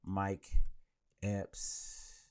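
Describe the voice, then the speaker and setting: A man hosting a podcast live, chatting casually and rambling, speaking into a handheld mic. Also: extremely slow. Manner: animated and rambling, with many restarts. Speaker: podcast host. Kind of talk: casual chat on a live stream.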